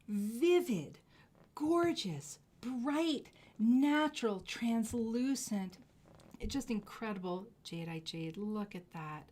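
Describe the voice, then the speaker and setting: A woman hosting a live jewelry sales stream, gushing effusively over each piece and dropping into soft asides. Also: deep voice. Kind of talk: live shopping stream presentation.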